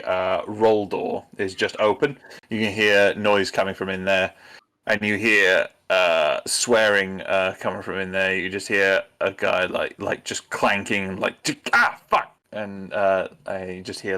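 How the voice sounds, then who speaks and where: A man runs a tabletop role-playing session and narrates each scene for the players. His voice sits on the low side for a man. He keeps pausing and restarting, feeling his way through the description. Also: a bit bright. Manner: hesitant, many ums and restarts. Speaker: game master.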